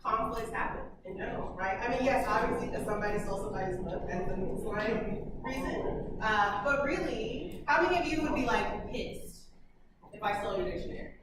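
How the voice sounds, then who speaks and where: A woman leading a group discussion about a story. She is expressive, laughs often and quotes characters with sass. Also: mid-range voice, fairly quick. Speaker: workshop facilitator. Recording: echoey room from far off, loud background noise.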